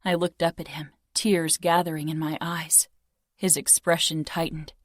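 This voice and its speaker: A young woman narrating a romance audiobook in first person, soft, intimate and measured. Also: sits low, little pitch movement, dry recording, clean studio sound.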